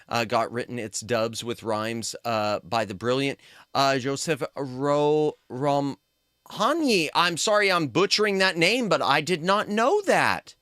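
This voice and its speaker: A man's voice: mid-range voice, sharp tone, no echo, studio quality. A man chatting casually with his viewers while streaming, rambling and reacting to chat.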